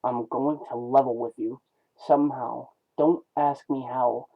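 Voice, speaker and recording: A man reading a comic aloud, voicing a blunt, gruff older male robot medic who grumbles at a colleague. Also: mid-range voice, fairly even intonation, unhurried. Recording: tinny phone-like lo-fi sound.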